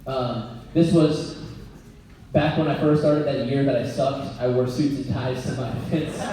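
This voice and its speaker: A man giving a blunt, energetic motivational talk as a business coach before a live audience, joking and laughing as he goes. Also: mid-range voice, measured pace, crowd noise. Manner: blunt, energetic, jokey, often laughing mid-sentence. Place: event venue before an audience. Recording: very echoey hall, voice picked up from far off.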